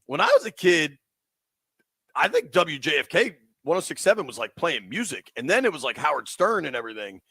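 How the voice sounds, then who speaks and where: A man in his forties hosting sports talk radio, excited and rambling in casual banter. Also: a little high, a little fast, vocal fry, slightly rough, dry recording. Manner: excited, rambling, laughs easily.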